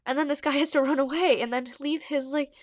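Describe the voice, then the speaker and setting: A woman reads her old fanfiction aloud as host, breaking in often with giggly, self-mocking asides. Her voice sits fairly high. The sound is dry and close, with no room echo. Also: fairly even intonation, fast. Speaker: podcast host. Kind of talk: reading own old fanfiction with commentary.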